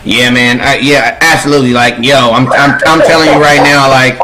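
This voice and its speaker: A man's voice: medium pitch, fairly even intonation, normal speed, heavy background noise. A man co-hosting a sports talk show in casual chat, rambling with lots of fillers. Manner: rambling, filler-heavy, emphatic.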